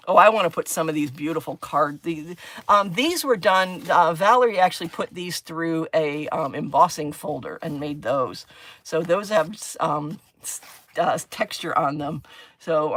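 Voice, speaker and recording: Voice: mid-range voice, pushed and bright, no room sound. A middle-aged crafting host chatting casually on a livestream while working. Chatty and giggly, with frequent exclamations.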